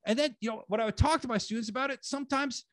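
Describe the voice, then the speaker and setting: A man's voice: very high voice, very fast, dry recording. A man giving a casual conference lecture as a language teacher, speaking bluntly with joking, slangy phrasing. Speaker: conference lecturer and English lector.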